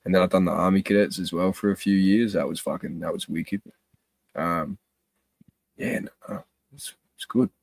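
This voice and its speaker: Sweary young Australian man, very low voice. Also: normal speed, creaky, no echo. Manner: laid-back, sweary, laughs a lot. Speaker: livestream host. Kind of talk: casual live-stream chat.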